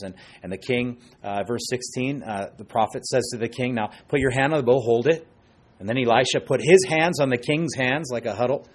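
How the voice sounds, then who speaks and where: Middle-aged man, husky pastor, animated sermon with soft asides. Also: mid-range voice. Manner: animated, dips to soft asides, acts out quoted voices.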